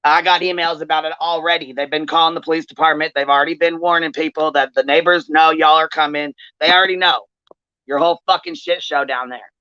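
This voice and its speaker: Female stream host, heated profane rant, sharp tense tone, muffled dry stream audio. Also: sits low, fairly even intonation, quick pace, clear, resonant tone, dry recording. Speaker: livestream commentary host. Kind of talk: angry livestream commentary.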